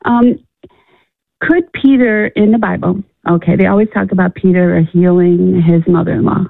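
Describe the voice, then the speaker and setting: Gravelly-voiced woman caller on a tinny phone line. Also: lowish voice, fairly even intonation, no echo. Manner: halting, many restarts and fillers. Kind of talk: phone-in conversation.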